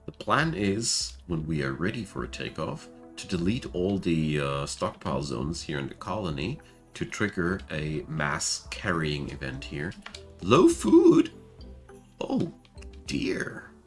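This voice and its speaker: A man with a German accent talks through his game stream in a casual, chatty way. His voice sits very low. Faint music plays quietly underneath. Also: animated, unhurried. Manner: chatty, laughs at himself. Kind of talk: casual gameplay commentary.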